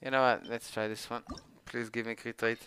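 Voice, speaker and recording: A man streaming a game live, pleading with the game for better loot and swearing, with sudden shouted outbursts of frustration. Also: medium pitch, flat delivery, moderate pace, a little hiss or hum. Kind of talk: live gaming commentary.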